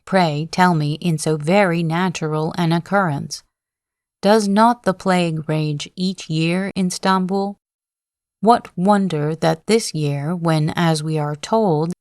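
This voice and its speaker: A woman performs a proud male general's defiant, solemn oaths in a sleep-story audiobook, keeping her lowish voice slow and even. The delivery is declamatory and impassioned but only lightly acted, recorded dry and close without room sound.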